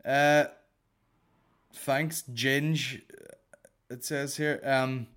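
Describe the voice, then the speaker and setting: A man's voice: mid-range voice, steady tone, very slow, fairly bright tone, clear, resonant tone. A man with a Northern Irish accent hosts a comedy podcast by himself, reading out listener questions. He rambles and swears freely, mocking himself as he goes. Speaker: podcast host. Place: alone in a room.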